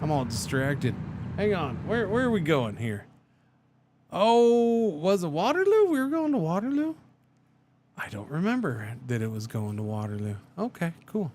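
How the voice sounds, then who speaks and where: A man's voice: on the high side, very animated, moderate pace, darkish tone, a little hiss or hum. A man streaming a truck driving game, chatting casually and thinking aloud with many restarts.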